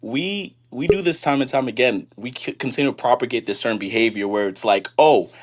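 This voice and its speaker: Here the caller's voice sits at a medium pitch and moves a little fast. He's earnest in this casual call-in chat on a live stream, frequently restarting as he recounts a story using quoted dialogue.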